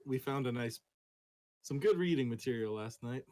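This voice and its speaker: A man's voice: medium pitch, lively intonation, moderate pace, darkish tone, no room sound. A man playing a tabletop game with laid-back, short, laughing replies. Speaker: player. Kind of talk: casual tabletop play.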